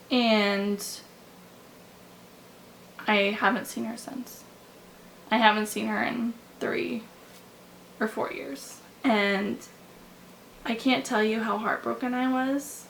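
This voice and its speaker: Young woman, vlogger, candid storytelling, gravelly fry, faint room noise. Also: on the high side, a bit bright, poor audio. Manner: candid, halting, many likes and restarts. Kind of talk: personal storytime vlog. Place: bedroom with window open. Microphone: camera mic.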